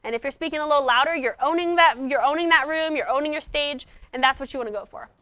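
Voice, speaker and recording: A woman giving a lively speech-coaching talk to debate students at a conference, acting out her examples as she goes. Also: sits high, fast, dry recording, lo-fi sound. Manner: animated, acts out examples. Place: conference presentation.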